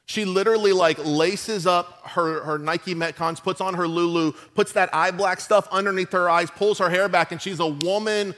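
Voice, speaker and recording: High-voiced man preaching casually. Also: fairly even intonation, moderate pace, few pauses, fairly bright tone. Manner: casual storytelling with modern asides. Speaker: pastor. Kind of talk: sermon.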